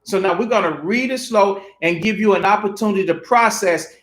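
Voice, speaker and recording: A man with a high voice preaches through a Bible passage, pressing his points with rhetorical questions and repeated phrases. The sound rings in a roomy, echoey space. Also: brisk, a bit bright. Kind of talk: preaching scripture study. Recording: roomy echo.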